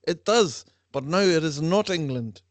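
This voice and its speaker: A man hosting a lively quiz for a class, playful and teasing with frequent laughter. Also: fairly high pitch, a little slow, no room sound. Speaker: online class quiz host.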